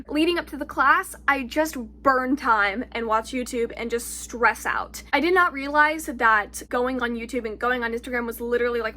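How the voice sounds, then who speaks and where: A woman's voice: on the high side, bright, forceful tone, slight background noise. A teenage girl talking candidly to a phone camera in a confessional vlog, reflective and full of "like". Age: teens. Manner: candid, reflective, filler-heavy with "like". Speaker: vlogger.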